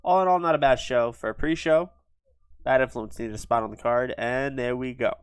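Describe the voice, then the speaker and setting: A man talks through a wrestling sim game in quick, offhand casual commentary, full of fillers. His voice sits in the middle of the range and sounds dry and close. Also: mid-range voice, clean tone, dry recording. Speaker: gaming video host.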